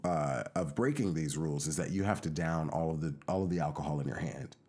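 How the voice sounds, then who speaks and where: Low-pitched guy on a podcast telling a drunk story, chatty, acts out the people he quotes. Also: brisk, darkish tone. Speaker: podcast co-host. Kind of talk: casual storytelling chat.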